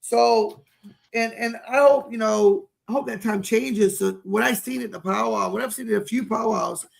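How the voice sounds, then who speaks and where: Gravelly high-voiced man, earnest. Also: normal speed. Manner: earnest, repeats words when moved. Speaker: podcast co-host. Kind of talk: heartfelt casual conversation.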